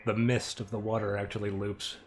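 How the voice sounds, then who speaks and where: A man's voice: fairly low pitch, flat delivery, brisk. A young man giving a casual creator commentary on his own animation, offhand and self-mocking, often laughing and swearing.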